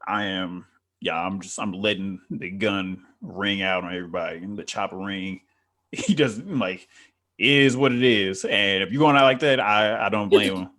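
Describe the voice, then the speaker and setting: Man, lowish voice, laid-back, slangy, casual review chat. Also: moderate pace, sharp tone. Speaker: co-host reviewing a reality show.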